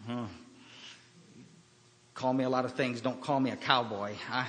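A man's voice: medium pitch, fairly even intonation, background noise. Man telling his story in a reverberant hall. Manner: halting, storytelling, quiet pauses. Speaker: recovery speaker. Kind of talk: personal recovery talk.

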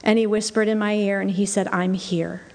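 A middle-aged woman tells her own story to a room, leaning on repeated phrases for weight. Her voice keeps to a narrow, even pitch. Long reverb trails each line, as in a big hall. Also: fast. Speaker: speaker sharing personal testimony. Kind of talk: spoken personal testimony.

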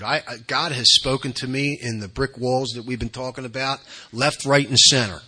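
A man giving a candid personal talk at a recovery workshop, blunt and conversational, dropping to soft asides and then pushing out emphatic bursts. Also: mid-range voice, steady tone, normal speed, hardly any pauses, slightly rough.

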